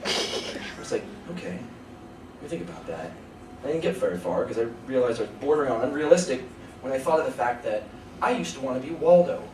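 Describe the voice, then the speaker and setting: A man's voice: medium pitch, quick pace. A young man in his early twenties doing a rambling stand-up set at a college show, laughing at his own jokes. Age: early 20s. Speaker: stand-up comedian. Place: college comedy show before a live audience. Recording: echoey room, far from mic, noisy.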